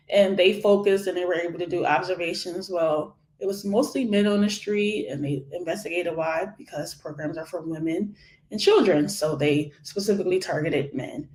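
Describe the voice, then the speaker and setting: A woman from Philadelphia in her forties, an education nonprofit founder giving an energetic, animated interview and laughing often. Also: mid-range voice, moderate pace. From Philadelphia, USA. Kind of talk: conversational interview. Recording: echoey room.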